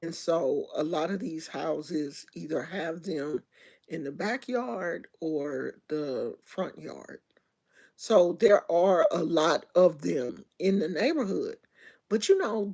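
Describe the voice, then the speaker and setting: Middle-aged female livestream host. Unhurried, chatty storyteller with slangy speech who talks straight to viewers. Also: low voice, animated, creaky, darkish tone, slightly rough. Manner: loose slangy speech with many restarts. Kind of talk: casual livestream chat.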